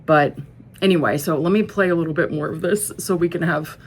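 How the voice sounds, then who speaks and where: Low-voiced woman ranting casually. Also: a little fast, slight background noise. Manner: blunt and profane, rambling with asides and self-corrections. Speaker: music vlogger. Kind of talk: casual music commentary.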